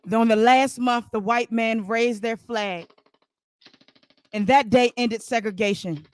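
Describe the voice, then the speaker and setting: A man's voice: very high-pitched, fairly even intonation, unhurried, smooth, dry recording. A man hosting a podcast, telling a comic improvised story with loose, rambling asides to listeners. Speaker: podcast host.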